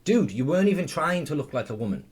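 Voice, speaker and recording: A man's voice: a little high, big pitch swings, quick pace, breathy edge. A man giving blunt, profane, sarcastic running commentary. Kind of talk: ranting commentary.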